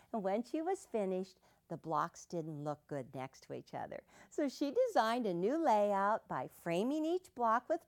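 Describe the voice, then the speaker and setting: An older woman hosting a quilting show, enthusiastically describing quilts and then teaching a sewing technique. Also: lowish voice. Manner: gushing, enthusiastic, starts lines with "well".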